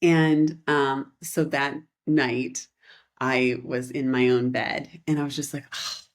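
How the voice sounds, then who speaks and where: A woman in her thirties, a podcast co-host, telling a rambling, animated story in casual chat and laughing often. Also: very deep voice, takes it slowly.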